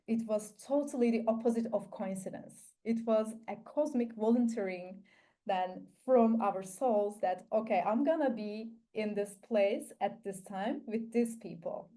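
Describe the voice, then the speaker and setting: A woman with a manner, sharing a personal testimony at an online forum, earnest and reflective with frequent pauses. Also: mid-range voice, mellow. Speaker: forum speaker.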